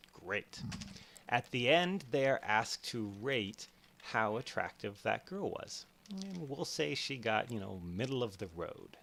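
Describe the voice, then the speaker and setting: A man's voice: medium pitch, a little hiss or hum. A young man hosting a casual explainer while playing a game, telling stories and acting out what people are thinking. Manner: storytelling, acts out inner voices. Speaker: host. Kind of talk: casual explainer over gameplay.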